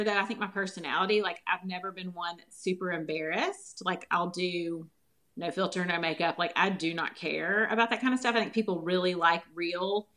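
A woman in her forties with a Southern US accent, a guest chatting casually on a podcast, animated and quick to laugh. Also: fairly low pitch. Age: 40s. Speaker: guest, holistic nutritionist.

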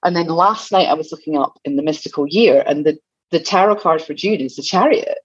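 A woman from the UK, a guest on a podcast, recounting stories and slipping into lively quoted voices. Her voice is a bit husky and the line sounds slightly dull and dry. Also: low voice, fairly quick, no room sound. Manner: storytelling, animated quoted asides. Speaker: guest author. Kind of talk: casual conversational interview.

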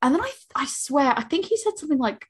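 A woman's voice: high voice, sing-song, fast, a little hiss or hum. A young American woman with a New England accent, co-hosting a casual beer podcast and rambling with lots of fillers and restarts. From United States. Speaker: podcast co-host. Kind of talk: casual chat.

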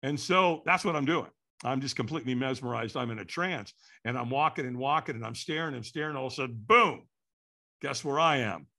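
A man telling a story as a podcast guest, animated and acting out quotes with sudden shouts. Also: mid-range voice, brisk.

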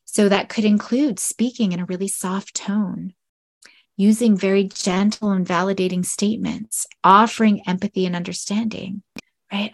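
A woman hosts a solo educational podcast, speaking earnestly and often checking in with a quick "right?". Her voice has a gravelly, fry-touched edge, and her pitch sits in an ordinary middle range. Now and then she drops to a soft whisper. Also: steady tone. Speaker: podcast host.

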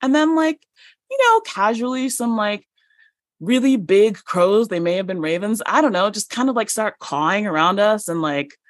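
A woman guest on a podcast, telling a story in an animated, chatty way with many fillers and laughs. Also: medium pitch, normal speed, no room sound, studio quality. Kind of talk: conversational storytelling.

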